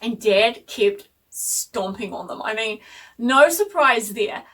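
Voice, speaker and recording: A woman chats through a home vlog, animated and self-deprecating. Her voice sits fairly high. She is recorded on a phone a little away from her. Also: slow, recorded from a distance. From New Zealand. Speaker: vlogger. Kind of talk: chatty home vlog storytelling. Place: home workspace.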